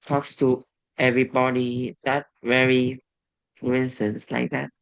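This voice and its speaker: An English learner answering a tutor in an online lesson, hesitant and halting in short broken phrases. The delivery is slow and the pitch is mid-range. The voice sounds dry and close, with little room echo. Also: level tone, creaky.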